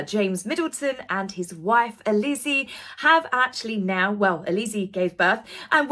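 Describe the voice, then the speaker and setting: A woman's voice: medium pitch, fairly bright tone. A woman hosting a royal news channel in a chatty, gossipy manner, with tongue-in-cheek asides. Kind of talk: casual commentary vlog.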